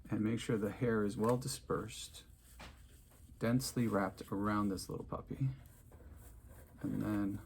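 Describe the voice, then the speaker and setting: A man's voice: lowish voice, creaky, slight background noise. A man giving an unscripted crafting tutorial, chatting, thinking aloud and humming to himself as he works. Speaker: craft instructor.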